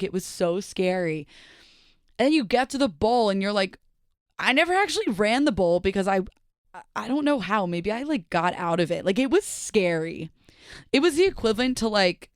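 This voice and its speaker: A woman's voice: medium pitch, clean tone, no echo, clean studio sound. A young woman from New Jersey, hosting a casual solo podcast and chatting animatedly, with lots of "like" asides. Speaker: podcast host.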